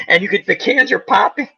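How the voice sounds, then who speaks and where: A man hosting a casual chat about old comedy movies, animated and laughing as he acts out lines. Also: high voice, moderate pace, vocal fry, slightly rough, dull audio. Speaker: channel host.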